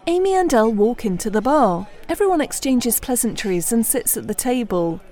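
Lively, mellow female narrator. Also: a little high, normal speed. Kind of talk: scripted narration.

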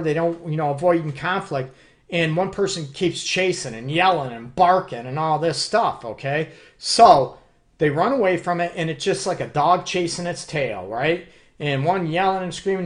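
A man hosting a live relationship advice show, talking to viewers in an animated, repetitive way and often calling them "people". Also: on the high side. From Detroit area. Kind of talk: live-streamed advice talk.

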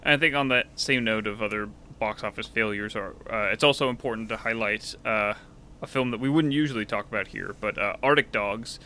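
Bright-toned man musing about film. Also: fairly low pitch, a little fast, slight background noise. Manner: thoughtful, with many restarts and fillers. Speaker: podcast co-host. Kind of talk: casual film discussion.

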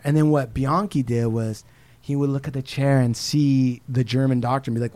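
A man co-hosting a podcast, casually retelling a true-crime story, animated and swearing freely as he acts out quotes. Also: mid-range voice, normal speed. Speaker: podcast co-host.

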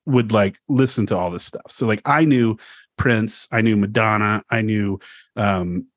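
A man's voice: fairly low pitch, unhurried, no echo, studio quality. Swearing, story-telling man in his forties. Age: 40s. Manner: animated storyteller, swears freely, acts out quotes. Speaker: podcast co-host. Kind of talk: casual chat.

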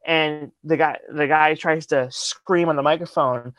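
A man's voice: fairly high pitch, fairly even intonation, unhurried, a bit bright, a little hiss or hum. A man, a guest musician, telling a rambling funny story in casual talk, swearing and laughing often.

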